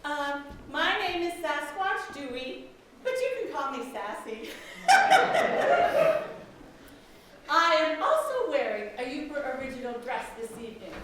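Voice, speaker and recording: A woman's voice: sits high, very animated, normal speed, noisy background. A woman playing a snooty pageant co-host in a community stage play, snippy and condescending. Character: snooty female pageant co-host, mother of a contestant. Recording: echoey hall, heard from a distance.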